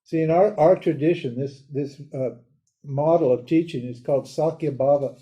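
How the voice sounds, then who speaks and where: An older man giving a live lecture on a spiritual text in a casual, animated way, laughing often and mimicking other people. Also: on the high side, normal speed, dull audio. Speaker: Vedanta teacher.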